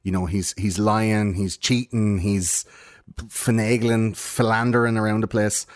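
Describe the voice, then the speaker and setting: Wry irish guy chatting about a show, low voice, dry sound, cracks jokes. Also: flat delivery, measured pace, no echo. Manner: wry, joking, acts out characters in quotes. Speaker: podcast co-host. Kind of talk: casual chat reviewing a TV series.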